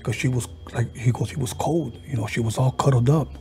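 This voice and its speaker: A man hosting a podcast, casually retelling a ghost story he heard and slipping into the voices of the people in it, with halting restarts. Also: mid-range voice, creaky, a little mellow, slight background noise. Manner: halting, with frequent restarts and fillers. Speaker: podcast host.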